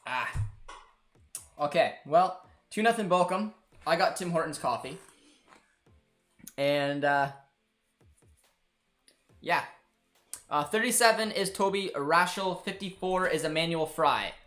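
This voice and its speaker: Casual football stream host, slightly high voice. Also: male voice, slow pace, pauses often, a bit bright. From Canada. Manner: casual, rambling, chats with live chat and a producer. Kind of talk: live football watchalong chat. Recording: faint music behind.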